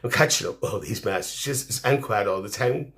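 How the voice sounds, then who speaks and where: A man's voice: fairly low pitch, moderate pace, fairly bright tone. A man playing a chatty, cheeky middle-aged auntie woman, hosting a live stream on a phone, teasing and mothering the viewers as he reads their comments.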